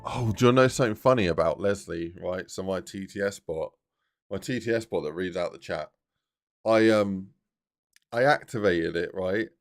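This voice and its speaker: A man's voice: low-pitched, moderate pace. A man chatting casually on a live stream while he builds a game map, thinking aloud and talking to his chat in a rambling way.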